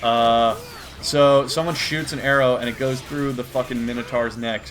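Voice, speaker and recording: A man's voice: medium pitch, steady tone, normal speed, fairly bright tone, soft background music. A man doing comedic commentary while reading a comic aloud, crude, profane and exasperated. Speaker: YouTuber.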